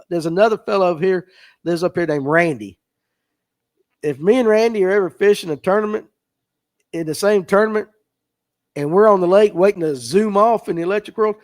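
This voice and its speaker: A man hosting a fishing podcast livestream, chatting casually and reading out viewer comments in a folksy way. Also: high-pitched. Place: tackle shop.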